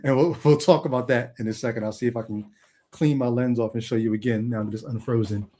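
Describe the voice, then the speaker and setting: A man's voice: medium pitch, quick pace. A man hosting a call-in livestream, talking straight to the chat and telling stories with acted-out quotes. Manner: animated storytelling, acts out quoted voices; talks to the chat directly. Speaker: call-in show host. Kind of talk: livestream monologue.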